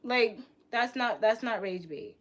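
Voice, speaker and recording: A woman's voice: a little high, animated, a little slow, fairly bright tone. A young woman livestreaming, reacting in a heated, profane rant and repeating herself, in casual live-stream talk.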